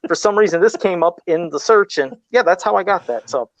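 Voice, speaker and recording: A podcast host reading out listener comments in a casual, hesitant way, with lots of fillers. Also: male voice, high voice, lively intonation, a little fast. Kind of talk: casual chat. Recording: dull dry lo-fi mic.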